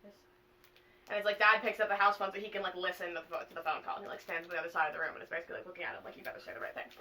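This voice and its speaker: A young woman vlogger casually retelling a plot to a friend, animated and full of swearing and fillers. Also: fairly low pitch, racing, distant mic, slight background noise, poor audio.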